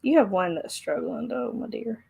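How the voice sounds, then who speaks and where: A woman's voice: lowish voice, expressive, moderate pace, gravelly, dark tone, husky, highs cut off. A woman with a Southern US accent, co-hosting a casual live travel stream, teasing her co-host with playful jokes. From American South. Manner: teasing, playful, joking asides.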